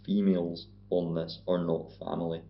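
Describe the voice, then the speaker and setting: Male podcast co-host, very low voice, dry sweary recaps, muffled lo-fi mic. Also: little pitch movement, moderate pace, vocal fry. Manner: sardonic, sweary plot recapping. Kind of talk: casual film recap chat. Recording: dull lo-fi podcast audio.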